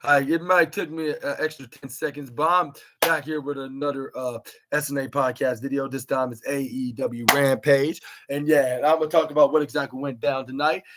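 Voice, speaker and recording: Speaking at a normal pace with few pauses, this man has a mid-range, steady voice, and background noise is audible. He hosts a podcast where he rambles through a wrestling show recap, leaning heavily on "like" and "this is where" as filler.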